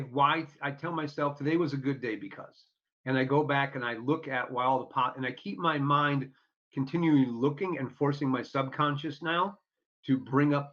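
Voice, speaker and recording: On dull lo-fi audio, a man with a medium-pitched, slightly bright voice guests on an interview show. He tells stories in an earnest, upbeat way, acting out the people he quotes.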